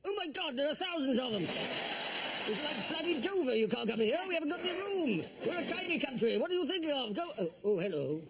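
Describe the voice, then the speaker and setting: A man's voice: extremely high pitch, big pitch swings, fast, heavily acted. A man doing a comic impression of a tactless, bored elderly queen with a plummy manner and rude asides. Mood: haughty. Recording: noisy live studio recording.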